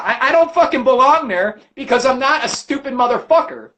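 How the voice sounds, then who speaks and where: A man hosting a livestream, ranting about religion with constant cursing and animated storytelling. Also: extremely high pitch, brisk, hardly any pauses. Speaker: livestream host. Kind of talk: profane religious rant.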